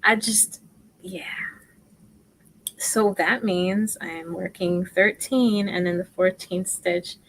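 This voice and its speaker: A woman's voice: fairly low pitch, steady tone, vocal fry, a bit bright, a little hiss or hum, poor audio. A woman teaching crochet on a casual livestream, chatting and murmuring stitch counts under her breath. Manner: slow, chatty, self-deprecating, often drops to murmurs while counting stitches. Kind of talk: casual live tutorial.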